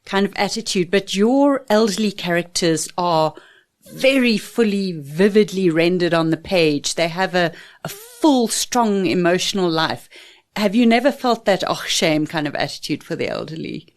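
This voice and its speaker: Co-host: woman, lowish voice, conversational, asks probing questions. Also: lively intonation, moderate pace. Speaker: podcast co-host. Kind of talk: casual podcast interview.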